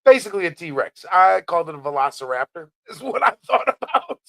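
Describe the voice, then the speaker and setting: A man co-hosting a casual podcast, talking loudly with lots of laughter and swearing. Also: sits high, fairly quick, vocal fry, no echo. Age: adult parent. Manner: loud, laughing, swearing, animated. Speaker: podcast co-host. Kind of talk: casual chat.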